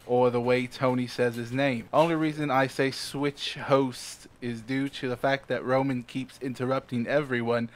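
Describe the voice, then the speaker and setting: A man's voice: medium pitch, level tone, normal speed, hardly any pauses. Man reading a listener email aloud. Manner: reads aloud with laughs and restarts. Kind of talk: casual podcast chat.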